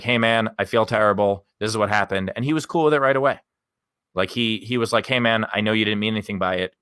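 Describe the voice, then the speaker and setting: Low-voiced man telling a rambling story. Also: a bit bright, no echo, clean studio sound. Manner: rambling, candid, swears freely. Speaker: guest comedian. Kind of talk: casual podcast storytelling.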